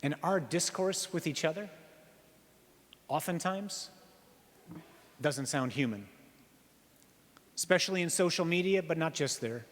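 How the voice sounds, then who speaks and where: A priest giving an earnest sermon, slowing down on key phrases and asking the listeners rhetorical questions. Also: male voice, on the high side, animated. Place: church. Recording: reverberant church hall.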